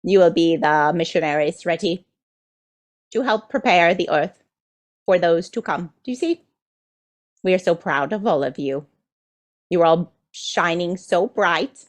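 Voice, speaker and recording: A woman with a fairly low voice speaks a little slowly, leaving long pauses. Channeling a spiritual message in the collective "we," she stays playful and enthusiastic, teasing and regularly asking her listeners "do you see?"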